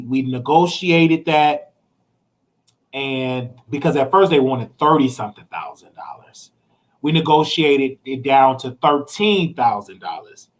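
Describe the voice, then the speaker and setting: An American man hosts a casual live stream, speaking directly to his viewers. He's animated, swinging between excited highs and low, serious storytelling.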